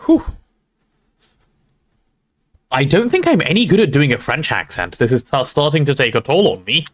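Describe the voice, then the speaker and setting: A man reading a novel aloud on a livestream in an expressive, storytelling way, with casual asides to his audience. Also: fairly high pitch, moderate pace.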